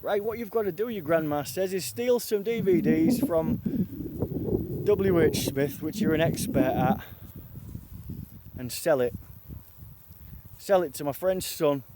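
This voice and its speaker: A man's voice: on the high side, a little slow, long pauses, heavy background noise. A man from northern England in a rambling, profane confessional monologue, jumping between quotes and outbursts. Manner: raw, profane, jumps between quotes and rants.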